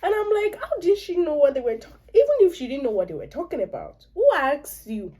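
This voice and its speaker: A woman's voice: extremely high pitch, wildly swooping pitch, fast talker, warm tone. A young Nigerian woman recapping a series episode in a chatty, opinionated way, with asides in Pidgin and Yoruba. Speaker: vlogger. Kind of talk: casual reaction recap.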